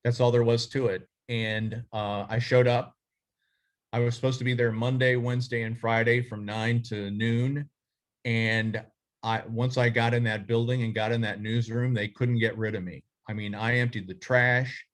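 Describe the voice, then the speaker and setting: A man's voice: medium pitch, flat delivery, moderate pace. A middle-aged man who leads a journalism association, speaking in a casual, rambling way full of fillers and restarts. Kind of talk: casual reflective talk.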